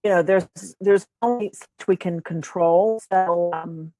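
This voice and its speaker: A woman's voice: fairly low pitch, a little slow, dark tone, no room sound, faint music behind. A woman producer speaking as a panel guest, hesitant, with many "you know" and "um". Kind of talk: casual panel discussion.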